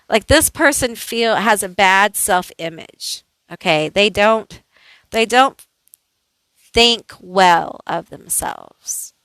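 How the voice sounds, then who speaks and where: Slow-talking woman doing a tarot reading. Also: mid-range voice, a bit bright, clean tone, no echo, poor audio. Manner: slow, thinking aloud, chatty with many "like"s. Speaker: tarot reader. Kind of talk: casual pick-a-card tarot reading.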